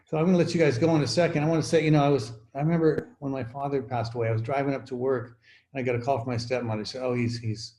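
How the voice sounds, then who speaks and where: A man sharing his own recovery story at an online meeting, halting and reflective with many fillers. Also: medium pitch, steady tone, dark tone, echoey room.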